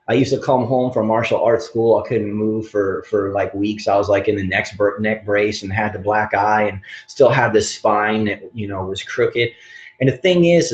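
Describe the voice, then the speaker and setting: A man teaching qigong in an animated, playful way, often laughing as he demonstrates. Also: medium pitch. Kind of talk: motivational teaching talk. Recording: roomy, dull-sounding recording.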